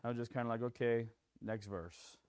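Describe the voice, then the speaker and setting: A man preaching a sermon in a conversational way, with fillers like "you know" and "kinda", who rises into animated acted-out quotes. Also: medium pitch, normal speed, smooth, no echo, clean studio sound. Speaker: pastor.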